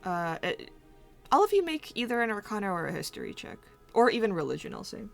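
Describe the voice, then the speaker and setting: A woman's voice: mid-range voice, sing-song, fast talker, creaky, faint music behind. A woman running a tabletop game as game master, laughing often and rambling through her explanations with many fillers.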